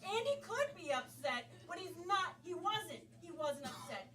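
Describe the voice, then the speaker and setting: A woman's voice: extremely high pitch, big pitch swings, measured pace, fairly bright tone, far from the mic, a faint crowd. A woman improv performer narrating a made-up story on stage, with chatty rambling asides.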